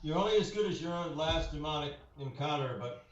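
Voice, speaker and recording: A man's voice: a little high, lively intonation, fairly quick. A man who investigates the paranormal, telling anecdotes in a casual radio interview, rambling with many fillers. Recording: roomy, muffled, with crowd noise.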